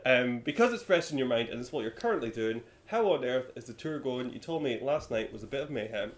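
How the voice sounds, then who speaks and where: Easygoing podcast host. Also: male voice, mid-range voice, expressive, a little fast. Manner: easygoing, backchannels, laughs often. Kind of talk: casual podcast chat.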